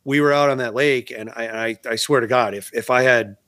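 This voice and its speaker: A man's voice: medium pitch, a little fast, a bit bright, no echo. A man, co-hosting a casual fishing podcast, who rambles, restarts his sentences and swears freely. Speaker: podcast co-host.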